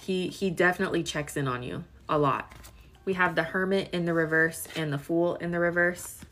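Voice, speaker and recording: A woman's voice: on the low side, normal speed, a bit bright, faint music behind. A young woman in her twenties doing a casual live-stream tarot reading, chatty and full of filler words while she talks to viewers. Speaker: tarot reader.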